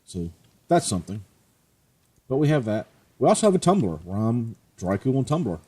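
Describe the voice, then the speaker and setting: A man's voice: mid-range voice, big pitch swings, normal speed, dark tone, slightly rough. A man hosting a let's play, chatting casually and joking at his own expense as he plays. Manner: chatty, joking, self-mocking. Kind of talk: casual gameplay commentary.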